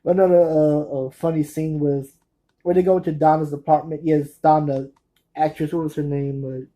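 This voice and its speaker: Brief: man host, mellow tone, rambling chat about his movie collection, keeps losing names and restarting. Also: a little high, flat delivery, normal speed, rough recording. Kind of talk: casual rambling talk to camera.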